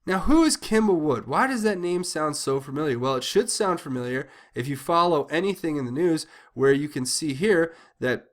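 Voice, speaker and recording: A man's voice: fairly high pitch, expressive, normal speed, few pauses. Agitated, indignant man ranting. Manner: agitated, indignant, repeats himself with many restarts. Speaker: political commentary channel host. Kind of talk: impassioned political commentary monologue.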